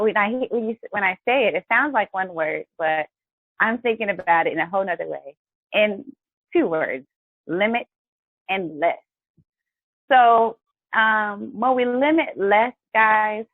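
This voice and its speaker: A chatty woman hosts a live wellness show, cheering her viewers on and calling them guys. Her voice sits at a middle pitch and sounds dry and close. The audio has a thin, phone-like quality. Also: dry recording. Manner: chatty and encouraging, often addresses viewers as guys. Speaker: host of a health and wellness show. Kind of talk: upbeat live-stream talk.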